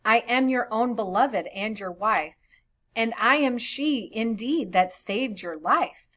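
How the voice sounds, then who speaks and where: Woman reading as an old wife who is hurt and reproachful; slow, a touch higher than her own voice. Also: lively intonation, a bit bright, full character voice. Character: ancient wife pleading with her new husband.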